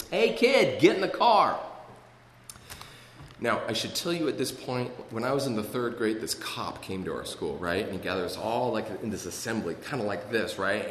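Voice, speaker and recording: A man's voice: mid-range voice, slight background noise. A man sharing his recovery story with an audience, rambling and self-mocking, with many fillers. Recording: echoey hall from a distance.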